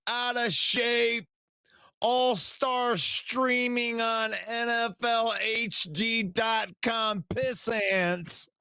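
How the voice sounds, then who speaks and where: A man playing a cocky, trash-talking male pro wrestler in a shouted, gravelly promo. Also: sits high, no echo, clean studio sound, exaggerated voice.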